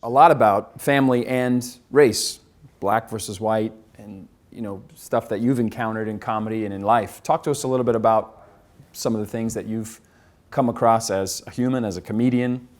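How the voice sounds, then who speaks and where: A man hosting a documentary, narrating and asking interview questions in an upbeat, measured way. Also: lowish voice. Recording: narration over guitar music. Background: guitar music.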